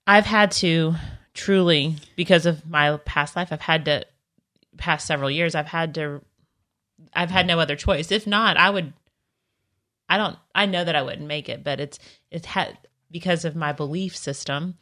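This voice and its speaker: A woman with a Southern accent chats about faith in an earnest, reflective way, often pausing and restarting. Her voice is lowish and bright, with a forceful edge. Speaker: podcast co-host. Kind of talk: casual faith chat.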